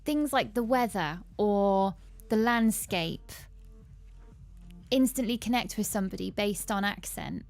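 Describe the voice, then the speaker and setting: A woman's voice: mid-range voice, unhurried. Playful female co-host, giggly and chatty, faint music behind. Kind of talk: casual livestream chat.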